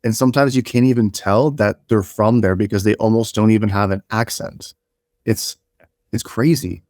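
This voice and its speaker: A man's voice: on the low side, fairly even intonation, moderate pace, a little mellow, no room sound, clean studio sound. A man chatting casually as a podcast co-host, hedging a lot and restarting his sentences.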